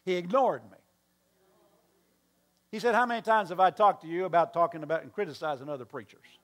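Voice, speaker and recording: Storytelling male pastor, slightly high voice. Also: a little fast. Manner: storytelling with acted-out dialogue and call-and-response asides. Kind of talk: sermon.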